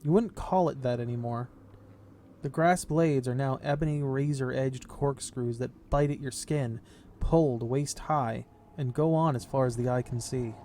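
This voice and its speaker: A man's voice: medium pitch, normal speed, mellow, slight background noise. Man reading game text aloud. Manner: reads text out steadily, then breaks off into casual comments. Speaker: game player and narrator.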